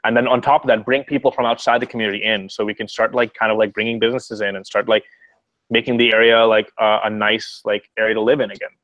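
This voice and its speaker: A young man from Montreal talks fast in a rambling, profane live-stream chat, full of filler words. His voice sits a little low. The sound is dry and close. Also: level tone, fairly bright tone, no echo, highs cut off. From Montreal, Canada. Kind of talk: casual chat.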